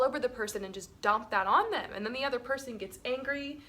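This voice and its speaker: Pitched on the high side, this woman talks fast with few pauses in a pushed, bright voice. Co-hosting a relationship webinar alongside her partner, she keeps things chatty, laughing often and sprinkling in many "like" and "um" fillers.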